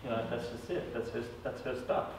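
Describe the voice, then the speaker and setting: A gravelly, mid-range voice with little pitch movement belongs to an Australian psychic medium speaking fairly quickly to a small group. He's conversational and keeps asking "all right?", recorded distantly in an echoey room with a little hiss or hum.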